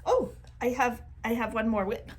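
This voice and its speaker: A woman's voice: fairly high pitch, moderate pace, slight background noise. A woman co-hosting a knitting podcast, talking in a chatty way and laughing often. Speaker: podcast co-host. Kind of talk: casual chat.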